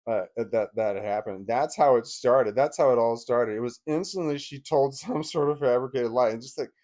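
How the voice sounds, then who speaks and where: A middle-aged man telling a personal story in a casual, rambling way, with many restarts and short laughs, getting louder and higher as he gets worked up. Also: normal speed. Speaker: vlogger.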